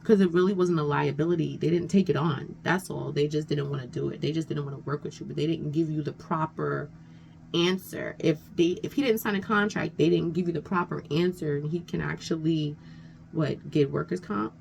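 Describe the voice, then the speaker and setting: Gravelly woman rambling through a storytime. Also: low-pitched, fairly even intonation, a little fast, a little mellow, poor audio. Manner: rambling, conversational, frequent "you know what I'm saying". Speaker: vlogger telling a story. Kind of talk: casual storytime chat. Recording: faint background noise.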